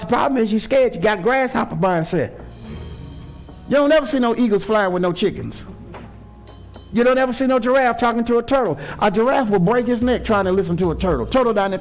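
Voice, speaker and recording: A man's voice: very high voice, lively intonation, fairly quick, soft background music. A man preaching a sermon, impassioned, with call-and-response to the congregation. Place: church sanctuary.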